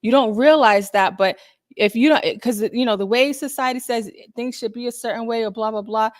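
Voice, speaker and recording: A woman's voice: a little high, normal speed, dry recording, clean studio sound. A woman therapist giving a casual, upbeat self-help talk that is full of asides and acted-out quotes of people's thoughts.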